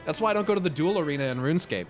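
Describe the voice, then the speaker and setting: A man doing casual, jokey gameplay commentary, reading game dialogue aloud, laughing and swearing now and then. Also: a little high. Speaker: game streamer.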